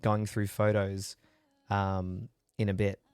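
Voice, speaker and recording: Still getting over a chest infection, a male streamer coughs occasionally as he rambles through a chatty session, reading out viewer comments and responding. The voice is fairly low, darkish and clean, delivered slowly and flatly with no room sound.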